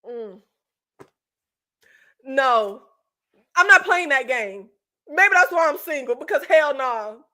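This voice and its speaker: A woman vlogger rants about a reality dating show in a very high, bright, sharp voice. She talks emphatically and profanely, repeating her points. Her commentary is casual and laugh-filled. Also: takes it slowly, long pauses. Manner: animated, profane ranting with frequent laughs; talkative and emphatic, repeats phrases.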